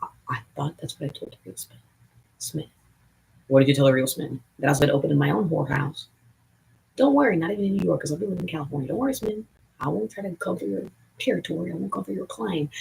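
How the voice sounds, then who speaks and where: A livestreamer from the Southern United States with a Southern accent, rambling in a profane, excitable way and jumping between topics, with a gravelly, raspy voice. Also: mid-range voice, quick pace, rough recording. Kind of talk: rambling live stream chat.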